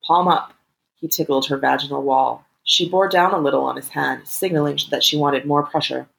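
A woman reading an erotic story aloud in a calm, steady narration. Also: low-pitched, a little fast, vocal fry, low-quality recording.

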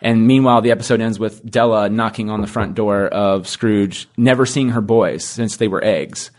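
A man hosting a casual podcast interview, retelling cartoon episodes and acting out the quoted lines with lively energy. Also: fairly low pitch, normal speed. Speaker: podcast host.

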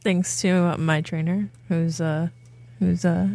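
A woman's voice: fairly low pitch, fairly even intonation, slow, gravelly, darkish tone, no echo. A woman co-hosting a podcast in casual chat, giggly and teasing.

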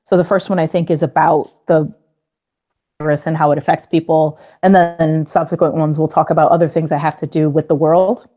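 A woman guest on a podcast, talking in a bubbly, gushing way that is full of fillers. Her voice sits lowish and sounds mellow and soft-edged, and the audio is dull and lo-fi. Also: steady tone, brisk. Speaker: comic book writer, guest. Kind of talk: casual podcast interview.

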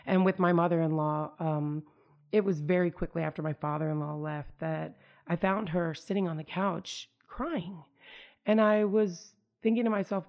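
A middle-aged woman from the United States recounts a personal story in a loose, conversational flow, leaning on fillers. Her voice sits low with a gravelly edge. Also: brisk, highs cut off. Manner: conversational, many fillers like "like" and "you know". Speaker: storyteller recounting family life.

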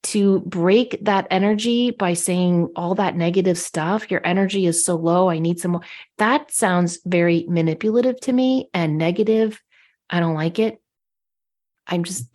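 A woman with a somewhat low voice chats on a talk show. She tells her stories in a worked-up, indignant way, acting out what others said. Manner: indignant, animated storytelling. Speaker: podcast co-host. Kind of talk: casual chat.

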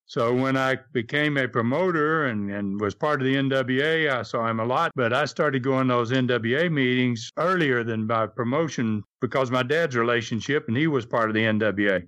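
A man's voice: medium pitch, normal speed, few pauses, fairly bright tone, no room sound. An older man, a former wrestling promoter, chatting easily as a podcast guest. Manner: easygoing, hesitant with uh fillers. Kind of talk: casual podcast chat.

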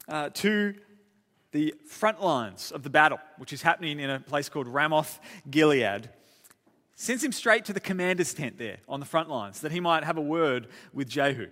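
A man's voice: medium pitch, fairly bright tone. A man preaching a sermon, retelling a story with casual asides and repeated words. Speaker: pastor. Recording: long church-hall reverb.

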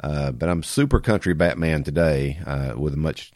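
Congested male podcast host, very low growly nasal voice, dry close sound, chatty and upbeat. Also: moderate pace, a little mellow, dry recording. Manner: chatty, upbeat, with frequent fillers. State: congested from a sinus illness. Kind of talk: casual podcast interview.

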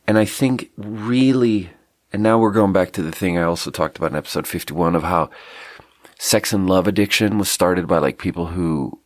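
A man's voice: sits low, normal speed, no room sound, clean studio sound. A man with a stuffy nose talking alone on his podcast in a rambling, reflective, self-deprecating way, with a slight South African slip in his accent. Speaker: podcast host. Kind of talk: casual solo podcast monologue.

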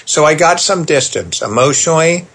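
Gravelly middle-aged man telling a story. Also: fairly high pitch. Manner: animated storyteller, quick asides. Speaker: therapist and parenting author, guest. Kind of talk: conversational storytelling.

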